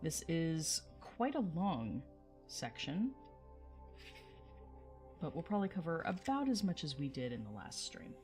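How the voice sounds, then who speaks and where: A woman's voice: low voice, big pitch swings, measured pace, long pauses, a little mellow, soft background music. A woman hosting a livestream, chatting casually with viewers and reading poetry aloud, often laughing.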